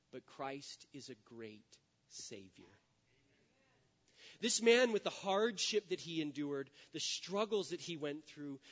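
Male pastor with a fairly high voice, an earnest storyteller preaching in a church; the sound is dull and rings with long hall echo. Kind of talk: sermon.

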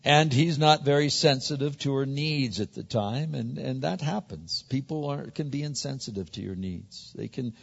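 A man's voice: medium pitch, moderate pace, creaky, hardly any pauses, breathy edge. A male pastor preaching a conversational sermon, often repeating words as he builds to a point. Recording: muffled sound with long hall reverb.

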